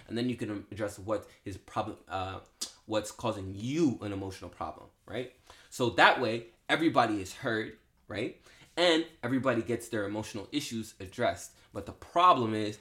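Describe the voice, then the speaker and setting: A man's voice: fairly low pitch, a bit bright. A young man co-hosting a podcast, arguing his view in casual conversation, padding his talk with "like" and "you know". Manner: conversational, heavy use of filler "like" and "you know". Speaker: podcast co-host. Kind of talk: casual debate chat.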